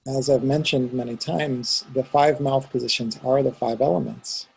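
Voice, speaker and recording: A male teacher in a one-on-one pronunciation lesson, patiently demonstrating each sound aloud. His voice is gravelly and raspy, with a deep grainy texture. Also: fairly even intonation, normal speed, rough recording.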